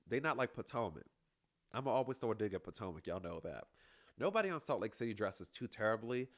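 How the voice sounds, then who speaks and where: A man hosting a casual reality TV recap, sassy and animated, calling everyone girl and tossing in playful digs. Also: mid-range voice.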